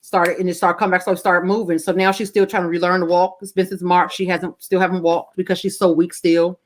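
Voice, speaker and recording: Fast-talking, outspoken middle-aged woman. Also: lowish voice, level tone. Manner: candid, profane, emotional storytelling. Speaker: podcast guest co-host. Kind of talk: casual chat.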